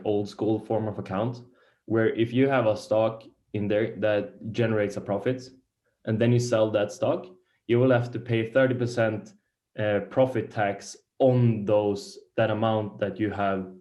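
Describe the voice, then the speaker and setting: A man whose first language is Swedish gives a beginner lecture on investing, pausing often and searching for words. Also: fairly low pitch, a little mellow. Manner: halting, searches for words, many restarts. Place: lecture room.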